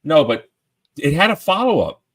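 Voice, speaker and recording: Rambling excitable man on a call. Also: a little high, moderate pace, slightly rough. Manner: rambling, excitable, trips over words. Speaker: panel guest. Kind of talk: casual panel chat.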